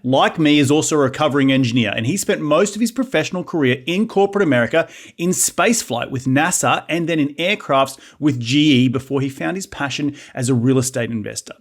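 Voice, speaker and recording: A man in his thirties with an Australian accent hosting an interview podcast, upbeat and chatty. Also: medium pitch. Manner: upbeat, chatty, says mate often. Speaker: podcast host.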